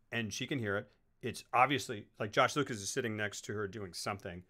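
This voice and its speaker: A man's voice: lowish voice, a little fast, background noise. A man on a casual film podcast, rambling as he retells movie scenes. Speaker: podcast co-host.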